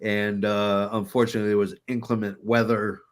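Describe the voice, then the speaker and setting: A man's voice: lowish voice, level tone, fairly quick, a little hiss or hum. A man co-hosting a wrestling podcast in casual chat, joking in a mob-boss persona and laughing often. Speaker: podcast co-host.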